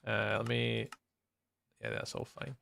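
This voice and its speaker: Gravelly Scottish man chatting live. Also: mid-range voice, bright, forceful tone, a little hiss or hum. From Scotland. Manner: chatty, greets viewers by name, laughs often. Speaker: live streamer. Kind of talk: casual live-stream chat.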